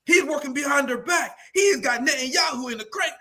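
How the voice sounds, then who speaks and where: A man's voice: very high-pitched, brisk, sharp tone. A man co-hosting a political livestream, talking sarcastically and laughing often. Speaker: co-host.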